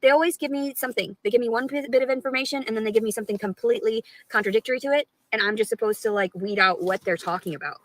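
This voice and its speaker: A woman's voice: on the high side, very fast, few pauses, no echo, low-quality recording. Rambling, profane woman on a live stream. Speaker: livestreamer.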